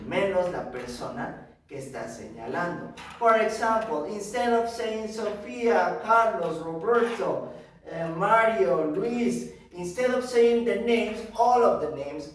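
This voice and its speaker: Young guy teacher talking to little kids, high voice, slow and careful, sounds far off in an echoey room. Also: slight background noise. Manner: slow and emphatic, repeating words and checking with "ok?". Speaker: English teacher for young children. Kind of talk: bilingual classroom lesson. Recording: roomy echo, from far off.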